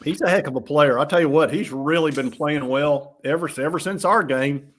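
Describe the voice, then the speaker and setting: A man's voice: a little high, moderate pace, a little hiss or hum. Rambling male sports talk host. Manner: relaxed, rambling with many restarts.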